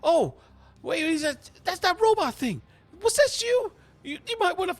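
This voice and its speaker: Man voicing a frantic, cursing woman in her thirties, shrill and loud, tabletop game. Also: big pitch swings, moderate pace. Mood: shocked. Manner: shrieking, swearing hysterically. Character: panicking foul-mouthed woman, thirties.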